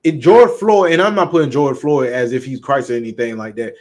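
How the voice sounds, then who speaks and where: A man's voice: medium pitch, fairly quick, a little mellow. A man with a Southern US accent preaching bluntly and emphatically, with frequent profanity. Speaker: street preacher. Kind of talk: preaching talk.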